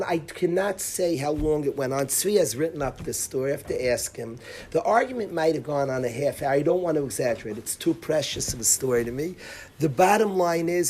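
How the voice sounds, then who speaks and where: A middle-aged man teaches a class as a rabbi, his voice sitting a little high. He tells a personal story in a lively way, breaking off for asides and soft chuckles. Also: slight background noise. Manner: lively, laughs mid-story, restarts and asides. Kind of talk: animated storytelling to students.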